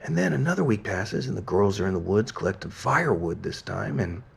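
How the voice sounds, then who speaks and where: A man in a game role reading a fairy tale aloud as a gentle bedtime story. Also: on the low side, sing-song, fairly quick, creaky, slightly rough, full character voice. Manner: gentle storytelling, softening at the end.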